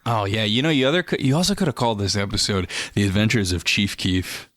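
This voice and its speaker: Man, podcast co-host, slightly low voice, relaxed self-deprecating chat, dry recording. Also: fast talker, no room sound. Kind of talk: casual chat.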